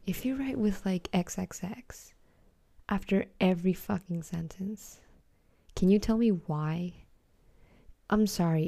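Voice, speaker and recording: A woman's voice: fairly low pitch, vocal fry, warm tone, dry recording. A teenage girl hosting a casual solo podcast, reading texts aloud in a giggly, blunt way and swearing freely. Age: teens. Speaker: podcast host.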